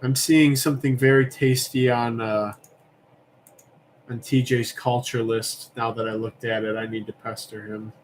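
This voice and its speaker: A man's voice: mid-range voice, flat delivery, measured pace, a little hiss or hum. A young man hosting a livestream auction, chatting casually and rambling as he reads comments aloud.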